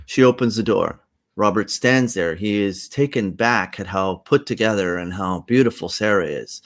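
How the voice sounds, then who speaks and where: A man reading his own stage play aloud as a one-man reading, narrating scenes and voicing every role. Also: lowish voice. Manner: slow, animated, laughing at his own lines.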